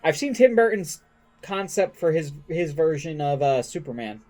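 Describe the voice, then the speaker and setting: A man's voice: fairly high pitch, sing-song, moderate pace, darkish tone, faint music behind. A man co-hosting a podcast in casual chat, easygoing, bantering and steering the conversation. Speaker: podcast co-host.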